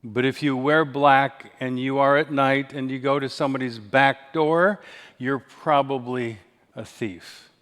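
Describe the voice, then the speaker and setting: A man's voice: mid-range voice, steady tone, a little slow, a bit bright. A man in his sixties preaching a sermon, telling stories with acted-out whispers and dry humor. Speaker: pastor. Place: large church sanctuary. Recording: reverberant church hall.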